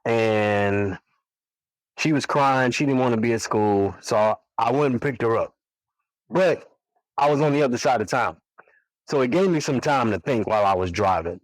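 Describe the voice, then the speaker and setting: A man in his forties tells a story in a loose, conversational way, voicing the people in it as he goes. His pitch sits in an ordinary middle range, and the sound is close and dry, with almost no room around it. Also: moderate pace, dry recording, low-quality recording. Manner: relaxed, animated storytelling with quoted dialogue. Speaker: podcast guest, single father.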